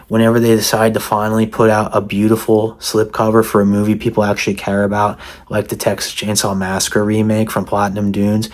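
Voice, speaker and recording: A man giving a mock-serious, sarcastic comedic rant to the camera as a vlogger. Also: on the low side. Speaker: satirical vlogger.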